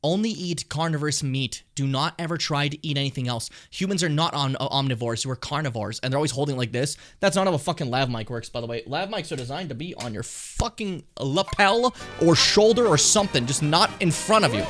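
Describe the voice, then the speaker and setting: A man streaming a game who rambles and rants with plenty of swearing and sarcasm. His voice sits a little high for a man. Game music plays clearly underneath. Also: lively intonation, brisk, fairly bright tone. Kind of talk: casual gameplay commentary.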